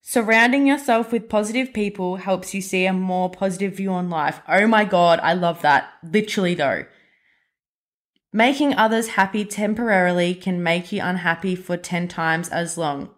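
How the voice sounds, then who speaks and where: A woman in her twenties with an Australian accent, hosting a casual solo podcast in a chatty, emphatic way, full of fillers and quick self-corrections. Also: mid-range voice. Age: 20s. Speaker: podcast host.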